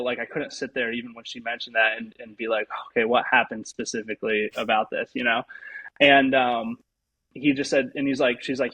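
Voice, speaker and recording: A young man, a pro baseball pitcher, telling a personal story as an interview guest, rambling with lots of fillers. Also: pushed and bright, slightly rough, rough recording.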